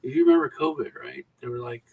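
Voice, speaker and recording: A man hosting a casual podcast panel, rambling and retelling stories with animated quoted voices over a remote call mic. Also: mid-range voice, fast talker, vocal fry, recorded from a distance, narrow, tinny audio, a crowd in the background. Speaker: podcast host.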